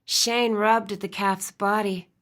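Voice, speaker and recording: A woman narrating a romance audiobook in an expressive storytelling style. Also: medium pitch, slow pace. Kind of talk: scripted narration.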